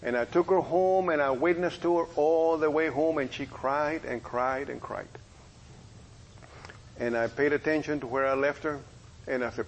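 A middle-aged man, a preacher and police officer, telling a testimony in a sermon as a folksy story with lively quoted dialogue. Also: mid-range voice, moderate pace, pauses often, a little hiss or hum, low-quality recording.

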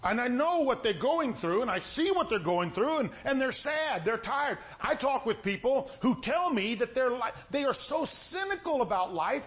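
Folksy preacher with a high voice. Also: male voice, moderate pace, hardly any pauses. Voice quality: sounds stern even when not angry. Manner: conversational, folksy preaching with repetitions. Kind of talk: sermon.

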